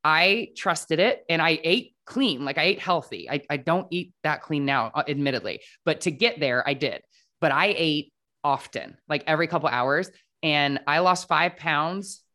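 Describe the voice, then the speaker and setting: A woman's voice: deep voice, animated, moderate pace, sharp tone. A woman guest on a podcast, chatting casually and telling her own story, filling her speech with "like" and acting out quoted dialogue. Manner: chatty, frequent "like" fillers, acts out quoted dialogue.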